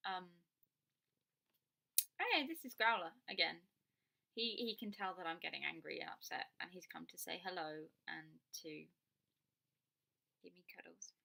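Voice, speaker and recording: A woman's voice: on the low side, a little slow, gravelly, pauses often, bright, forceful tone. A young Englishwoman giving her blunt, opinionated views to camera and swearing freely. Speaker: vlogger.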